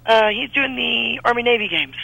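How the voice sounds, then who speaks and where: A woman in her thirties, an actress chatting as a guest in a radio interview, animated and prone to restarts. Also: fairly high pitch, moderate pace, gravelly, dry recording, rough recording. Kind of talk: casual radio interview chat.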